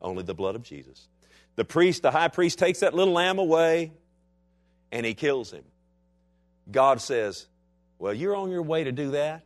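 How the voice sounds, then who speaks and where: A man preaching a sermon in a dynamic style, dropping to quiet low asides and rising to loud, slow, emphatic lines. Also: animated. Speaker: pastor.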